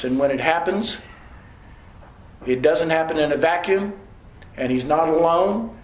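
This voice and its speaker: A male preacher delivers a sermon in a high voice, driving his points home through deliberate repetition. His words ring out in an echoey church room.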